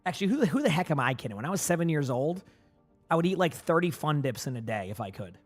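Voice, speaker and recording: Guy from massachusetts chatting with his stream, highish voice, lots of likes and uhs, faint music behind. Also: big pitch swings, fast. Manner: rambling, full of filler words, often answers chat. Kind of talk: casual live-stream chat.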